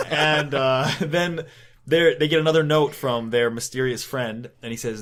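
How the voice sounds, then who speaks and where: A man's voice: mid-range voice, steady tone, a little slow, fairly bright tone. A man casually recapping a comic book on a podcast, rambling, laughing and swearing as he goes. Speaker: podcast co-host.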